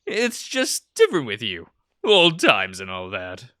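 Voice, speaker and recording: A man's voice: medium pitch, wildly swooping pitch, unhurried, pushed and bright, no room sound, studio quality, heavily acted. A man voicing a cheerful young male furry sailor, talking in an upbeat, friendly way.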